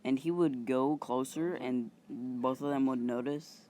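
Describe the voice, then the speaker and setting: A male channel host casually improvising a story, halting and rambling with many fillers and some mild swearing. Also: mid-range voice, steady tone, darkish tone.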